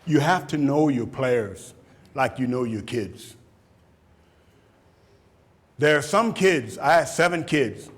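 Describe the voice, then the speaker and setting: A man in his fifties, a football coach, giving a motivational talk and taking questions, animated and repeating words for emphasis. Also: mid-range voice, slow pace, pauses often. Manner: animated, acts out shouted quotes, laughs often. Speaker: football coach speaking at a camp.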